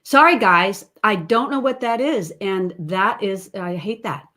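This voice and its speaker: A woman's voice: mid-range voice, a little slow, pushed and bright, low-quality recording. Woman vocal coach demonstrating singing sounds. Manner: demonstrates vocal sounds with sung and creaky examples. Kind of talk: online singing lesson. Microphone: video call.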